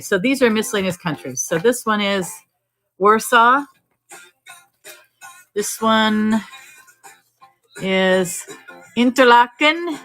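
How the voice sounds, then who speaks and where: A woman selling postcards on a live-stream auction, talking briskly and joking as she sorts through stacks. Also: medium pitch, a bit bright, low-quality recording. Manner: brisk, joking, thinking aloud while sorting items. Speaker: online auction seller.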